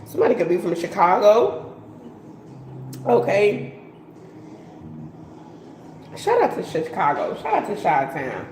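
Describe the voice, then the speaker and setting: A woman's voice: medium pitch, huge pitch swings, measured pace, pauses often, darkish tone, roomy sound, faint music behind, rough recording. A woman giving a casual live tarot reading, chatty and slangy, laughing and swearing as she talks. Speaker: tarot reader.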